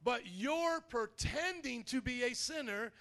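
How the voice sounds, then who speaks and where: A man with a notably high voice preaches to his congregation in a church. He talks in an energetic, conversational way, often turning to the crowd with prompts and asides. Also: slow. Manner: energetic, conversational preaching with audience call-outs. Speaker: pastor. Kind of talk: sermon.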